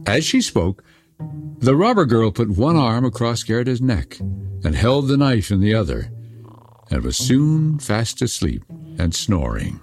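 A man narrating a fairy tale in an expressive, dramatic storybook reading. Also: mid-range voice, measured pace. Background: soft music.

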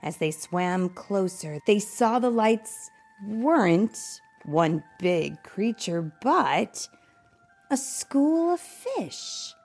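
A young adult mother reading a bedtime storybook aloud, animated, with playful asides. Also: mid-range voice, extremely slow, faint music behind.

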